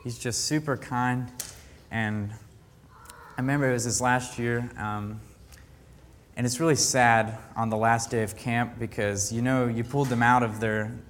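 A young man speaks earnestly to a gathered group, sharing a personal faith testimony. He stumbles and restarts often, searching for words as he goes. His mid-pitched voice carries a long reverb, as if it were filling a large hall. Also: steady tone, a little hiss or hum. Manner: earnest, halting, with many restarts. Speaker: camp counselor giving a faith talk.

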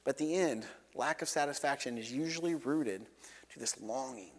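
Earnest preacher in a reverberant hall. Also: male voice, mid-range voice, normal speed. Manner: earnest, rises and falls between loud and soft, leads congregation in repeating. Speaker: pastor. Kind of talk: sermon.

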